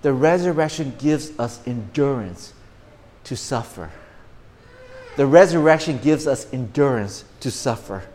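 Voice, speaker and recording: A man's voice: mid-range voice, expressive, unhurried, big-room sound. Earnest, stammering male preacher. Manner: earnest, repeats words and restarts often; rises to loud, emphatic bursts. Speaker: pastor. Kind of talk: sermon.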